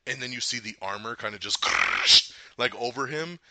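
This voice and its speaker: A man hosting a casual movie review podcast, talking in an excited, rambling way and laughing often. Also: mid-range voice, moderate pace, vocal fry, very noisy. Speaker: podcast host.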